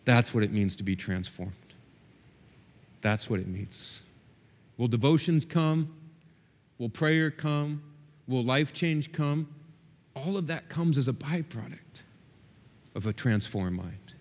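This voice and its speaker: A middle-aged male pastor preaching a sermon in a church, impassioned, swinging between loud peaks and quiet, intimate stretches. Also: medium pitch, slow, pauses often, big-room sound. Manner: impassioned, rising and dropping sharply for emphasis. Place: church hall.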